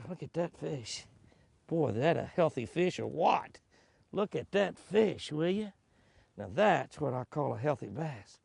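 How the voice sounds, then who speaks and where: Gravelly, excitable fishing host. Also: male voice, fairly high pitch, a little slow, long pauses, dry recording. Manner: exclaims often, chuckles, talks to himself. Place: outdoors on a boat on a lake.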